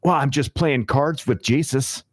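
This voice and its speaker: A man voicing a huge male bar regular who talks to himself, speaking slowly and matter-of-factly. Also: mid-range voice, slightly rough, no room sound, clean studio sound, pitched above the performer's own voice. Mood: calm.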